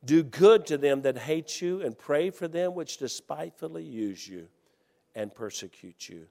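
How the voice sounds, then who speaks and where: A man preaching a sermon, telling a story with lively energy and reading scripture more calmly. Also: on the high side, a little slow, vocal fry. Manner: animated, loud storytelling with laughs, then calmer scripture reading. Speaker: Baptist preacher. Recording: hall reverb.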